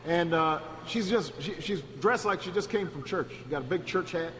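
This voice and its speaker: High-voiced man telling a story in an echoey hall. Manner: halting, repeats words at restarts; builds to a rousing, shouted close. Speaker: political speaker. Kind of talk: storytelling speech. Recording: echoey hall with steady background noise.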